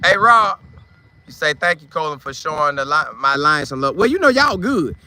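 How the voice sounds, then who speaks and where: Bright, high-voiced stream host. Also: male voice, very animated, normal speed. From Polk County, Florida. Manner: loose, slangy, talks back to chat by name. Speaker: sports livestream host. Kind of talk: casual live chat, reading viewer comments.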